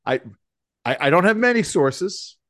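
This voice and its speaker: Male co-host, high lively voice, jokey and playful, casual political podcast. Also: measured pace, no echo, clean studio sound. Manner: jokey, animated, plays with voices.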